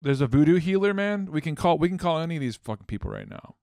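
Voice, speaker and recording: A man's voice: a little high, sing-song, fast talker, gravelly, a little mellow, dry recording, studio quality. A man co-hosting a casual chat, swearing often and restarting his sentences. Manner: swears a lot, stammers on restarts.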